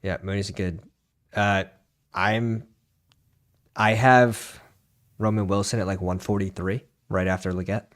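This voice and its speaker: A man's voice: fairly low pitch, fairly even intonation, no echo, studio quality. A man joining a fantasy football stream as a guest, chatting casually and agreeing easily. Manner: laid-back, agreeable, lots of quick yeahs and mm-hmms. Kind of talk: casual chat while drafting.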